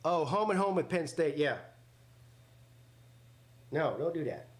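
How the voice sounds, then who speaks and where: A man's voice: fairly high pitch, lively intonation, unhurried, long pauses. A man hosting a live watch-party stream, joking crudely, commenting on the game and reading chat aloud.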